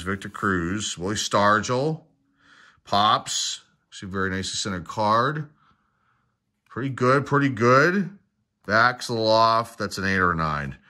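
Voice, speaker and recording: A middle-aged man with a low, pushed, bright voice opens packs of baseball cards. He rattles off player names one by one in a quick list, tossing in casual asides as he goes.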